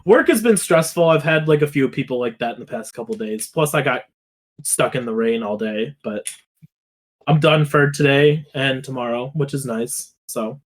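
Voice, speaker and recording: A man's voice: medium pitch, moderate pace. A young man co-hosting a podcast, telling rambling, profane stories that drift into rants. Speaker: podcast co-host. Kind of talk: casual chat.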